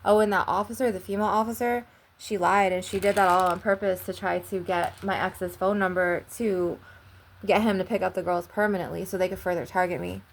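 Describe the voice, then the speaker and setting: A woman's voice: medium pitch, fairly even intonation, a little fast, gravelly, slight background noise. A young woman vlogger telling a long personal story in a casual, rambling way, filling it with "like" and frequent swearing.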